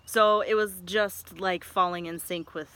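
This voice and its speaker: Bright, chatty woman vlogger. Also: on the low side, measured pace, clear, resonant tone. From Michigan, USA. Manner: chatty, rambling, excitable, self-correcting. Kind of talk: casual storytelling vlog.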